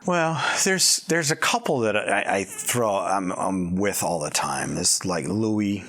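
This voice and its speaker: A man's voice: low voice, animated, takes it slowly, fairly bright tone. Playful middle-aged man chatting. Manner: playful, laughs often, slips into character voices. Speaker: podcast host. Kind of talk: casual chat.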